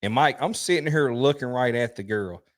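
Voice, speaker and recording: Animated man telling stories. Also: medium pitch, moderate pace. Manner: animated storytelling with restarts and laughter. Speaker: truck driver and podcast host. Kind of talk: casual chat.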